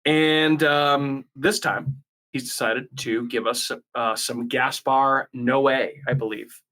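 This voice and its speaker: A man's voice: mid-range voice, steady tone, slow pace, sharp tone. A man hosting a casual movie podcast, rambling with many fillers. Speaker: podcast host.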